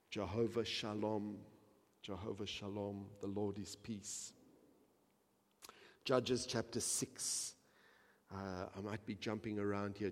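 Low-voiced male preacher in a reverberant hall. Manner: builds from quiet reading to loud impassioned preaching. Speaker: pastor. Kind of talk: sermon.

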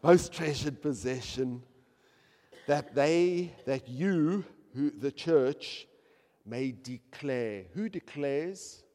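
A man preaching a passionate sermon, swinging from loud outbursts to hushed asides. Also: mid-range voice, animated, extremely slow, big-room sound. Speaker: pastor.

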